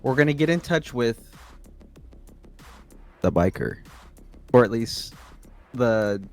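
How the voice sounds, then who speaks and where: A man playing a tabletop game with friends, joking and animated as he lays out a plan. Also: medium pitch, slow, faint music behind. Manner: joking, animated, puts on voices for characters. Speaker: player. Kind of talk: tabletop game play, casual banter.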